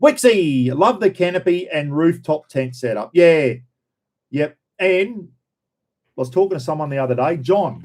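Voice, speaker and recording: Greeting viewers and reading their names, a middle-aged man with an Australian accent runs a casual livestream, rambling and repeating himself with frequent "everyone" and "bloody." His voice is mid-range and a little mellow.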